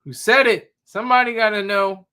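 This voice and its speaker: A man's voice: sits high, steady tone, fairly quick, pushed and bright, clear, resonant tone. A man giving casual, rambling reaction commentary, often searching for words and sounding sarcastic. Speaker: commentary streamer.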